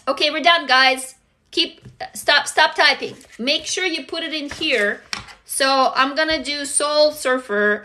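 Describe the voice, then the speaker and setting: A high-pitched woman with a bright, sharp tone leads viewers through a writing exercise on a live stream. She talks in a casual, upbeat way, reads comments aloud and swears freely.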